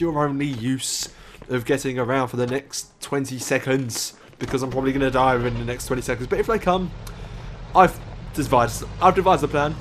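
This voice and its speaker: A man's voice: medium pitch, a little fast, slight background noise. A sleep-deprived man giving rambling, swearing, self-mocking gameplay commentary. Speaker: let's play gamer. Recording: clear background music.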